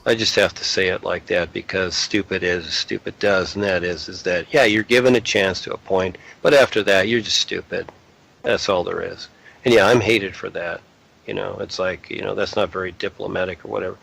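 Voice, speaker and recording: Low, gravelly man, blunt spiritual lecturer. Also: steady tone, moderate pace, fairly bright tone, low-quality recording. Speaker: spiritual speaker. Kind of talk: casual spiritual talk.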